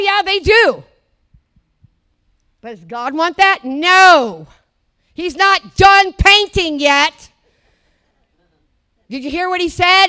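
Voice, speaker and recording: An older woman from the United States preaching a fervent sermon, swinging between loud declarations and low, murmured asides.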